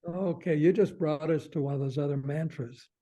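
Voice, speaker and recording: An older man with a warm, deeply mellow and slightly husky voice, talking in a relaxed, folksy way. He acts out little quoted phrases as he explains. His voice sits a little higher than most men's. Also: normal speed. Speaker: parenting expert guest. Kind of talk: podcast interview, explaining.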